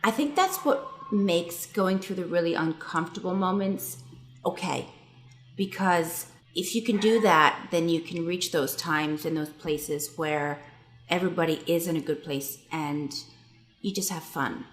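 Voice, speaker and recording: Earnest woman, lowish voice, roomy echo. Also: a little slow, faint music behind. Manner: earnest, reflective. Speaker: cast member on a reality show aftershow. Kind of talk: reflective talking-head commentary.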